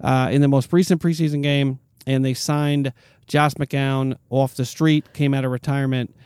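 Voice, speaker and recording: Man, young adult, sports news host, stumbling reads, smooth clear voice, dry close sound. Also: medium pitch, flat delivery, a little mellow, no echo. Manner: reads news items haltingly, with many fillers and repeats. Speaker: sports podcast host reading team news. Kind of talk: casual sports chat.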